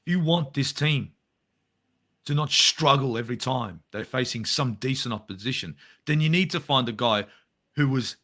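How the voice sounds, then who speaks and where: Ranting Australian man, bright tone. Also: mid-range voice, normal speed. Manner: heated, swears a lot, rants. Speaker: football fan guest. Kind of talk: casual interview.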